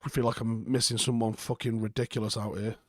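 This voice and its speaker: A man's voice: medium pitch, level tone, fast talker, no echo, clean studio sound. A young man, hosting a live football reaction stream, reading viewer comments and answering them bluntly with plenty of swearing and sarcasm.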